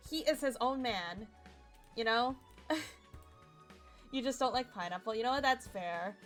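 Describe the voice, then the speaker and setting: A young woman streaming a game, chatty and excitable, with a voice still rough from a nap. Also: a little high, measured pace, faint music behind. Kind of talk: casual game commentary.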